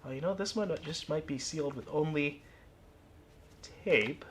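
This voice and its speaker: A YouTuber casually reading fan mail aloud, soft-spoken and musing, often trailing off quietly. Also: male voice, fairly high pitch, unhurried, a little hiss or hum.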